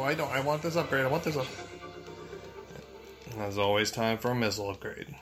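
A man giving profane, excitable let's play commentary, muttering to himself and yelling when he panics. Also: medium pitch, fairly quick, faint music behind. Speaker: gameplay streamer.

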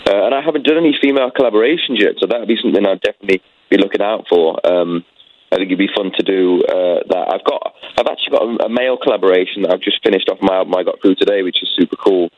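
Young British guest singer, chatty and rambling, over a dull radio line. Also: male voice, low-pitched, racing. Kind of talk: casual interview chat.

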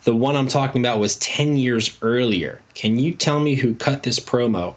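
A man's voice: medium pitch, normal speed, hardly any pauses. A man co-hosting a wrestling podcast, reading out trivia questions and quoted promos in casual chat, laughing easily. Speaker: podcast co-host running trivia.

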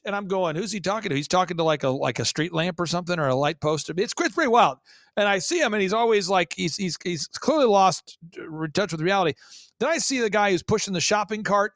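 A man guesting on a talk show, speaking emphatically with rapid rhetorical questions and repeated words. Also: high-pitched, a bit bright, no room sound, studio quality. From Oklahoma. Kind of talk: conspiracy talk-show commentary.

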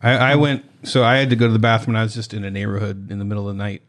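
A man's voice: on the low side, little pitch movement, very fast, fairly bright tone. A man co-hosting a comedy news podcast, reading headlines with playful asides in casual chat. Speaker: podcast co-host.

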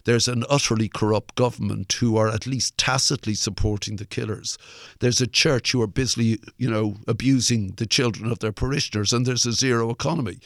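A medium-pitched older Irish man, a musician being interviewed, spins a lengthy anecdote fairly quickly with fairly even intonation. He rambles, uses lots of fillers and swears now and then, in studio-quality audio without echo.

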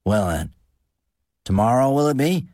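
A man's voice: medium pitch, big pitch swings, a little slow, darkish tone, dry recording, clean studio sound, voice pushed up. A man voicing a nervous, thin-voiced village deacon who asks careful, probing questions, read as an audiobook character.

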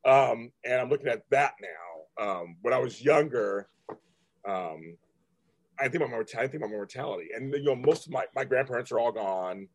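A man in his fifties from California, hosting a casual chat and talking in a rambling, halting way with many restarts. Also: mid-range voice, lively intonation. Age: 50s. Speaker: host.

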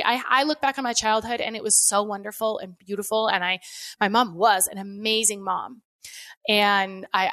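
A woman's voice: fairly high pitch, fairly bright tone. A woman in her thirties who works as a coach, talking candidly about forgiveness in a casual, conversational way with occasional swearing. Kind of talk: personal reflective talk.

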